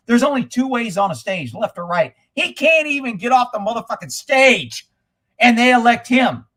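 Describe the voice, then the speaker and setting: A man hosting a livestream of angry political commentary, profane and mocking, bursting into shouts and laughing in disbelief at clips. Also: extremely high pitch, animated, normal speed. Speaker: livestream host.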